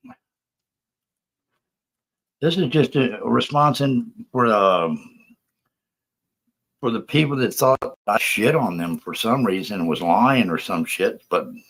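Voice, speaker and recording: A low-voiced man hosts a casual live stream, talking in a rambling, profane, defensive way. He sounds out of breath. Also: fairly bright tone, breathy edge. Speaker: livestream host.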